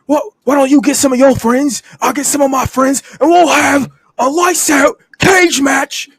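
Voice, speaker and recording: A man mimicking a brash, excitable male wrestler. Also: extremely high pitch, moderate pace, no echo, pitched above the performer's own voice. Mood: hyped. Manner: boastful, hyped-up.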